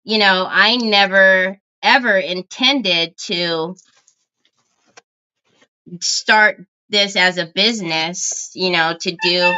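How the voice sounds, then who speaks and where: A woman's voice: medium pitch, takes it slowly, pushed and bright, clear, resonant tone. A middle-aged woman hosting a crafting live stream, chatting casually and directly to her viewers. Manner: chatty, talks straight to viewers. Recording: slightly dull lo-fi stream audio.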